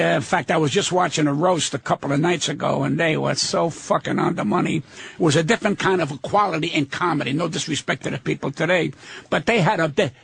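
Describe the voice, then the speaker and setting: A man's voice: sits high, vocal fry, fairly bright tone, breathy edge, no room sound. An older man, a guest comedian on a radio show, ranting brashly and swearing constantly.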